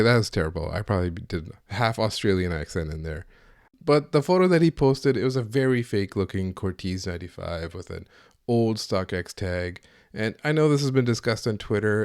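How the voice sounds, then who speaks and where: Low-voiced opinionated podcast host man. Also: darkish tone, no room sound, studio quality. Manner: opinionated, ranting, sardonic. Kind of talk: solo podcast commentary.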